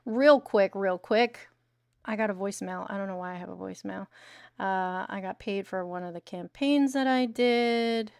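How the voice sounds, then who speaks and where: A woman's voice: medium pitch, normal speed, creaky, clean tone, no echo. A young adult woman hosting a casual news commentary livestream, blunt and sarcastic, swearing freely. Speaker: livestream host.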